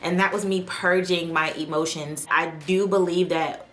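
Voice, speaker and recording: A woman's voice: fairly low pitch, fairly even intonation, normal speed, fairly bright tone. A woman vlogger chatting to camera from her desk in a spontaneous, heartfelt way. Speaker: vlogger and aspiring actress. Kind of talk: casual chat to camera.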